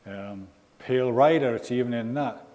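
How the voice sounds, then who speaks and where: A man from England gives a casual, meandering sermon, peppered with ums and side remarks. His voice sits at an ordinary pitch. The sound carries a long church-hall reverb. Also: normal speed, dark tone. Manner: chatty, rambling, with frequent ums and asides. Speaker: preacher. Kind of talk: informal sermon.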